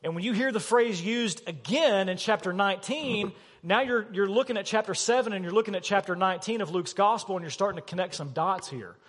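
A man preaching a sermon as pastor, animated and emphatic, asking his listeners questions. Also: high-pitched, brisk, few pauses. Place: church sanctuary. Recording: long reverb of a church hall.

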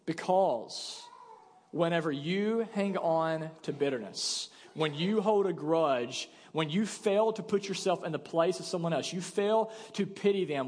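A young man preaching a sermon as a pastor, talking conversationally and acting out quoted voices. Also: high voice. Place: church sanctuary. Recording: long church reverb.

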